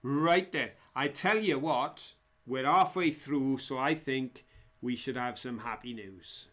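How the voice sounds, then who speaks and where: A man's voice: medium pitch, takes it slowly, fairly bright tone. A man hosting a live online quiz, chatty and jokey as he reads out viewers' answers. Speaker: quiz host.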